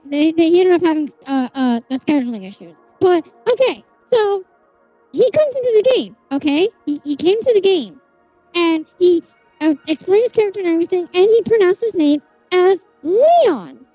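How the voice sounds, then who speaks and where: A streamer chatting casually with viewers, telling animated, exasperated stories full of swearing. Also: very high voice, moderate pace, no room sound, muffled recording, faint music behind. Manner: animated storytelling, heavy swearing, exasperated rants.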